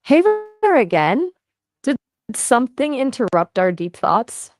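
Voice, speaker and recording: A synthetic-sounding woman's voice as an AI conversation partner, upbeat and playful, with lively jumps in pitch. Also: measured pace. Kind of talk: chatty voice assistant conversation.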